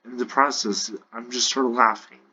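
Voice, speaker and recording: A man narrating an improvised role-play story, halting and restarting often. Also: mid-range voice, steady tone, bright, forceful tone, breathy edge, muffled recording.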